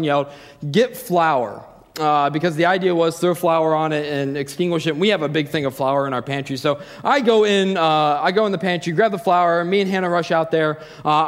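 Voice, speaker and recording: Man in his thirties, higher-pitched, self-deprecating storyteller, long hall reverb. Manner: self-deprecating, lots of fillers and restarts. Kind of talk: personal anecdote, casual storytelling.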